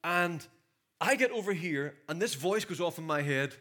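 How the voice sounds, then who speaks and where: High, bright preacher. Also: male voice, moderate pace. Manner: energetic preaching, swings from loud shouts to hushed storytelling. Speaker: pastor. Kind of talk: sermon. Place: church hall.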